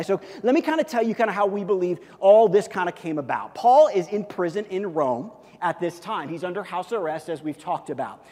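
A man's voice: high-pitched, long reverb tail. A man preaching a sermon as pastor, telling the story in a loose, conversational way with many fillers and restarts.

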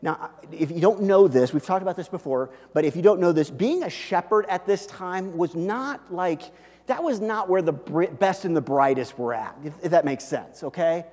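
A man's voice: high-pitched, lively intonation, normal speed, a little mellow, long reverb tail. A male pastor preaching a sermon in a conversational way, often checking in with "okay?".

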